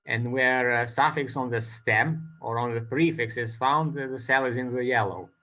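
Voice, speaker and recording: A man giving an academic conference talk as a presenter, speaking haltingly with many filler pauses. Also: mid-range voice, pushed and bright, dull audio.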